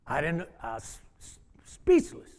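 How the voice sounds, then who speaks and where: Animated man telling a story. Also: fairly high pitch, unhurried. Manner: animated, acts out the dialogue. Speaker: former wrestling coach and speaker. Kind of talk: storytelling talk to an audience. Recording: hall reverb.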